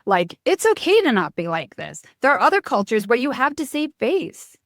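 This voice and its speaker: Blunt, animated New York-born woman. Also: a little high, moderate pace, no room sound, clean studio sound. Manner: blunt, animated, self-interrupting. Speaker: interview guest, marketing expert. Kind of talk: casual podcast interview.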